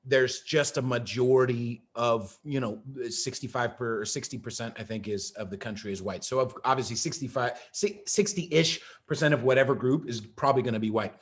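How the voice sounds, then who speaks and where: A man hosting a podcast, ranting in a profane, emphatic way and sometimes shouting. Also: mid-range voice, brisk, hardly any pauses. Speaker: podcast host.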